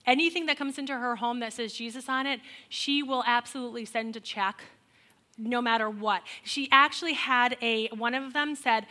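A woman in her forties telling a humorous personal testimony to an audience. She is animated and exasperated, and she acts out the people she quotes. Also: on the high side, normal speed. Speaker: speaker sharing a personal testimony.

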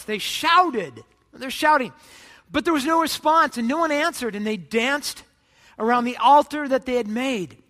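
A man preaching a sermon, retelling a story with lively, acted-out quotes and sarcastic asides. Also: very high voice, normal speed, long reverb tail. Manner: animated storytelling, acts out voices. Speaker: pastor.

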